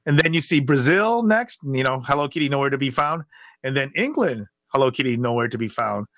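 A man co-hosting a podcast in casual chat, animated and rambling, full of fillers and restarts. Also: medium pitch, fairly quick, dry recording. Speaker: podcast co-host.

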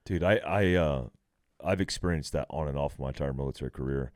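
Middle-aged veteran guest, very low voice, dry close mic, animated and profane storyteller. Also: male voice, fairly quick, no room sound. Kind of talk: casual podcast conversation.

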